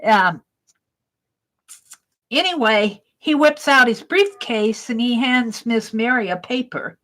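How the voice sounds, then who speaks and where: A woman hosts a casual art livestream and tells a rambling story while she crafts. Her voice sits a little high. She talks warmly to her viewers and giggles often. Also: expressive, slow, rough recording. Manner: chatty and rambling, warm toward viewers, frequent giggles.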